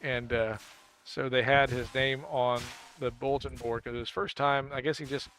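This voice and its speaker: A man's voice: mid-range voice, fairly even intonation, normal speed, fairly bright tone. Chatty, joking man streaming a game. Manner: jokey, rambling, laughs at own puns. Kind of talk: casual chat while playing a game.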